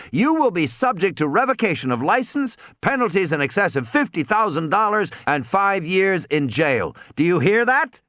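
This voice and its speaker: A man's voice: high-pitched, sharp tone, dry recording, studio quality, voice pushed up, exaggerated voice. A man voicing a commanding man who threatens a captain with legal penalties.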